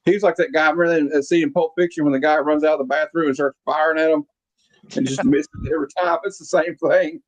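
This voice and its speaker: A man's voice: fairly high pitch, fairly even intonation, quick pace, no room sound, low-quality recording. A man hosting a casual movie-review podcast, talking in a loose, rambling way with many fillers. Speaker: podcast host.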